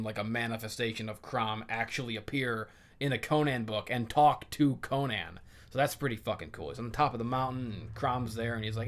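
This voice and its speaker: Profane, rambling male podcast host. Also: mid-range voice. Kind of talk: casual comic book chat.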